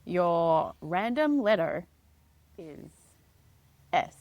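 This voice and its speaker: A woman's voice: on the low side, sing-song, extremely slow, no room sound, lo-fi sound. A woman, the podcast's producer, reading out quiz prompts in a plain, matter-of-fact way.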